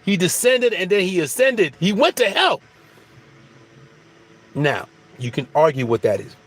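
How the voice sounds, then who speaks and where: A man works through spiritual ideas in a loose, preachy monologue, circling back, repeating phrases and restarting sentences. His voice sits a bit high for a man, and he sounds very animated yet unhurried.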